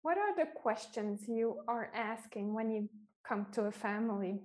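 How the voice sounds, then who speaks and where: A woman interviewing a guest, asking calm and encouraging questions. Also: on the high side, normal speed.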